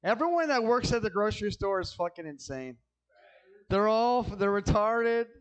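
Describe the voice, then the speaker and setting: A man's voice: sits high, animated, normal speed, low-quality recording. A man doing a stand-up comedy set, ranting in a profane, agitated way and stammering through restarts.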